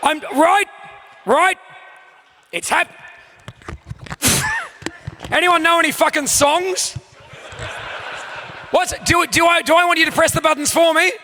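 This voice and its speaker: An Australian man hosting a live comedy show on stage, loud, sweary and exasperated as he banters with the audience. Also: very high-pitched, fairly even intonation, slow pace, pauses often, slight background noise.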